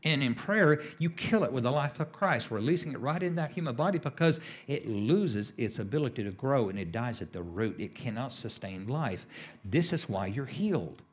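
A man's voice: medium pitch, lively intonation, moderate pace. A middle-aged man preaching a sermon as a healing minister, emphatic and repetitive, with sudden rises on key phrases.

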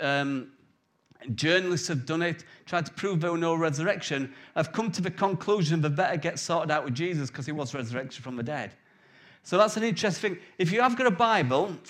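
A man's voice: fairly high pitch, a bit bright. A man in his forties preaching a conversational sermon with jokes and anecdotes. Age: 40s.

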